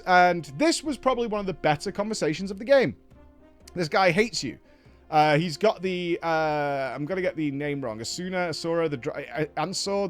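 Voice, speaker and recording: A man talks through a game recap as host, his voice sitting slightly high and swinging widely in pitch. He tells it as a lively story, slipping into other voices for quoted lines, with faint music playing behind him. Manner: animated storyteller who acts out quoted lines.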